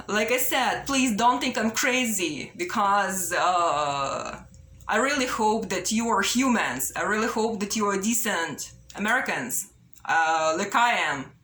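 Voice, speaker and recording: Earnest woman pleading slowly in an echoey room. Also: mid-range voice, pushed and bright, slight background noise. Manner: slow, repetitive, pleading, ends phrases with "yeah?". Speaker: vlogger. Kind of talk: earnest direct-to-camera appeal. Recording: roomy echo.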